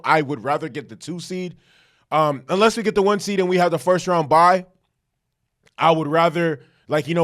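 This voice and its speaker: A man giving a casual fan reaction to his team's win, talking in hyped, profane, rambling bursts and tagging points with "okay?". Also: on the high side. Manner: hyped, repeats "okay?" for emphasis; profane, self-correcting rambles. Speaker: sports fan commentator.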